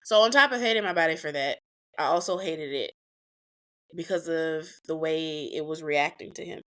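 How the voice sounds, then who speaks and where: A woman's voice: sits low, moderate pace, a bit bright. A woman hosting a podcast, telling a personal story in a blunt, profane, emotional way with emphatic repetitions. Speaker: podcast host.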